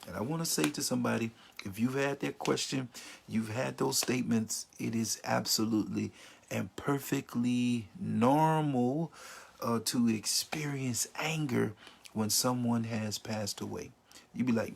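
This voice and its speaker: A man's voice: medium pitch, measured pace, creaky, husky. A man teaching about grief in an informal, earnest way, sometimes acting out the words of people in mourning. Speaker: grief counselor.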